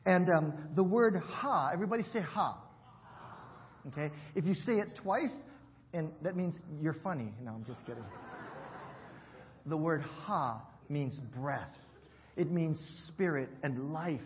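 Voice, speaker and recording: A man's voice: fairly high pitch, animated, a little slow, lo-fi sound, slight background noise. A man pastor preaching a sermon in church, leading the congregation to repeat words after him. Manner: warm teaching, invites congregation to repeat words. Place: church sanctuary.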